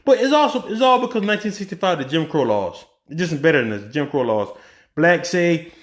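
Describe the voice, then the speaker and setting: A man's voice: fairly high pitch, animated, a little fast, roomy sound. A man giving a casual opinion monologue on a political commentary podcast, asking rhetorical questions and often restarting his sentences with ums.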